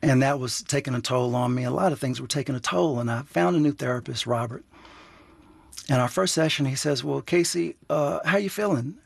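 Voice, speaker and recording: A man, a writer being interviewed, telling a personal story in an earnest, reflective way and slowing down to stress his points. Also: mid-range voice, creaky, husky, dry recording. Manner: earnest, quotes others in dialogue, slows down to stress points.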